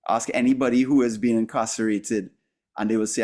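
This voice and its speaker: A man's voice: lowish voice, fairly even intonation, brisk, darkish tone. A man coaching a class, speaking in an earnest, emphatic way with frequent fillers and restarts. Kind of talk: teaching a masterclass.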